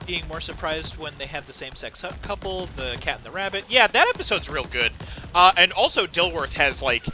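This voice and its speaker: A man chatting casually while playing a co-op game with friends, excitable and quick to react with gasps and exclamations. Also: a little high, faint music behind. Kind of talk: casual gameplay chat.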